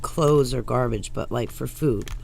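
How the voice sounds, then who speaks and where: A woman vlogger talking loudly in a rambling monologue that jumps from one tangent to the next. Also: rumbling low, measured pace, gravelly, a little hiss or hum. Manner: loud, rambling, jumps between topics.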